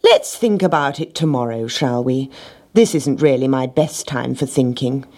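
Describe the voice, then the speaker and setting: A woman's voice: a bass voice, normal speed, a little mellow. A woman voicing a lazy, sleepy male farm dog who talks drowsily. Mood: drowsy. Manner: drowsy, yawning.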